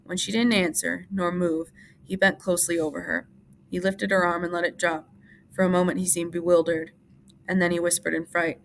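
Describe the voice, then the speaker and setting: Reading a novel to her class like an audiobook, a woman teacher keeps a steady, measured pace. Her low voice has a gravelly fry, with faint hiss beneath it.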